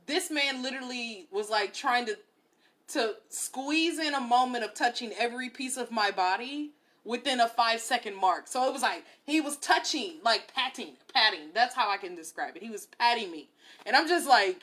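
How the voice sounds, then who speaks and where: A young woman hosting a podcast, telling a story in a candid, blunt, animated way. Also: a little high, normal speed. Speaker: podcast host. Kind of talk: casual storytelling monologue.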